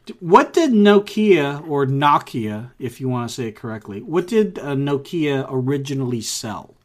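A man's voice: medium pitch, big pitch swings, moderate pace. A man co-hosting a casual tech podcast, rambling with restarts and acting out his reactions. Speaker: podcast co-host.

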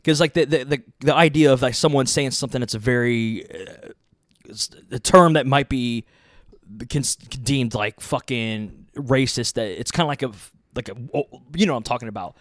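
A man's voice: mid-range voice, moderate pace, dry recording, studio quality. Heated, rambling man in casual talk. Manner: rambling, heated, swears a lot, many restarts. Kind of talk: casual profane chat.

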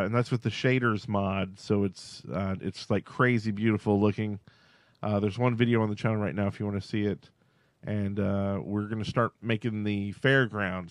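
A man's voice: on the low side, dry recording. Rambling man on a dry close mic. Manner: rambling, full of "like" fillers. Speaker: podcast co-host. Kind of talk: casual chat.

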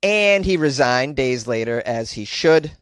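A man riffs on news headlines with sarcastic, animated commentary. He has a mid-range voice and often breaks into laughter. The sound is dry and close, with no room echo. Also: mid-range voice, a little slow. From United States.

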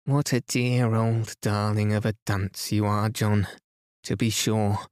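A man's voice: fairly low pitch, flat delivery, slow, darkish tone, dry recording, studio quality. A man reading a bustling, doting young wife. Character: cheerful young wife and mother, fussing.

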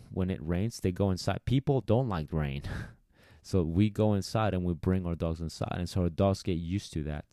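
A man's voice: sits low, dark tone, no echo, studio quality. A man, a dog trainer, talking casually to listeners and acting out quoted voices as he gives advice. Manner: chatty, coaching, acts out quoted voices. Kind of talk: casual podcast monologue.

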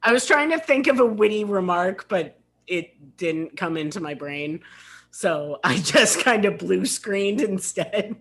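An American woman co-hosting a podcast in casual chat, wry and quick to laugh. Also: medium pitch, animated, husky. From United States. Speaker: podcast co-host.

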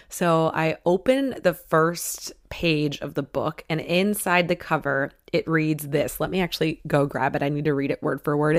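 A deep-voiced woman hosts a podcast, recorded cleanly in the studio without echo. She tells a personal story in a casual, chatty and emotional way, using lots of "like" and "you know."

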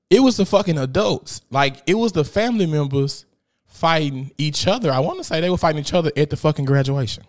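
Man, young adult, casual podcast host, animated pitch swings, mid-range voice. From Memphis, Tennessee. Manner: animated, profane storytelling with sudden high-pitched outbursts. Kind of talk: casual profane chat.

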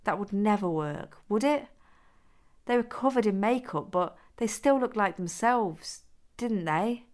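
A woman who is the author, reading her own adult story aloud in a steady, even manner. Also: on the low side. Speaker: author and narrator.

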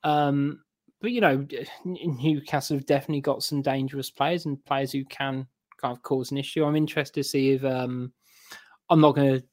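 A man's voice: medium pitch, steady tone, moderate pace, no room sound, studio quality. A man speaking as a football fan guest in a casual podcast chat. He hedges and restarts his sentences as he talks. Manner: rambling, hedging with restarts.

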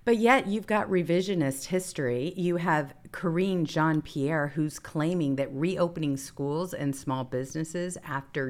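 A woman co-hosting a casual political talk show, indignant and agreeing with her partner in short interjections. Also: deep voice. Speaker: co-host.

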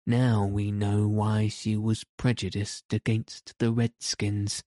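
A man's voice: on the low side, little pitch movement, slow, mellow, dry recording, clean studio sound. Wendy, a man reading as a prim girl. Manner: prim and earnest. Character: Wendy, a prim earnest young girl playing mother.

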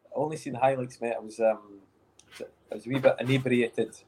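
A man's voice: mid-range voice, little pitch movement, a little fast, a little mellow, a little hiss or hum, low-quality recording. A middle-aged Scottish man with a Scottish accent, a former footballer chatting on a podcast in a joking, laid-back way. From Scotland. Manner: joking, laid-back, uses Scots words. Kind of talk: casual podcast banter.

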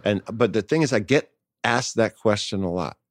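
Older guy from nyc, kinda low voice, thoughtful and easygoing, dry studio mic. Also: normal speed, no room sound. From New York City. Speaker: actor guest. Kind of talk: casual interview.

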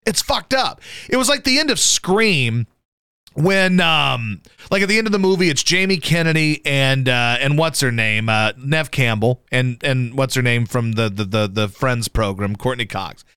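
A man hosting a radio show, chatting casually about sports in a profane, animated way and jumping into high yelps to mimic people. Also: normal speed, smooth, no room sound, studio quality. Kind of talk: casual sports talk banter.

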